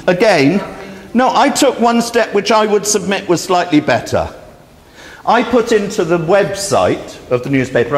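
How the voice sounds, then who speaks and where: A man giving a public talk in a meeting hall, telling a story with sardonic indignation and acting out both sides of the dialogue. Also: medium pitch. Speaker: speaker at a public presentation. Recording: reverberant hall recording.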